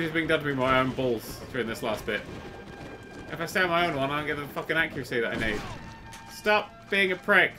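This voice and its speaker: A man giving sweary, excitable commentary while playing a video game, often jumping to shouts. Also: medium pitch, fast, faint music behind. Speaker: let's play host. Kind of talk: gameplay commentary. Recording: game noise behind the voice. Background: gunfire and game sounds.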